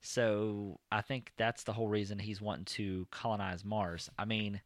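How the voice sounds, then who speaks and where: A man's voice: lowish voice, level tone, moderate pace, no room sound, clean studio sound. A man hosting a casual podcast, rambling through news with many ums and uhs. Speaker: podcast host. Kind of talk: casual chat.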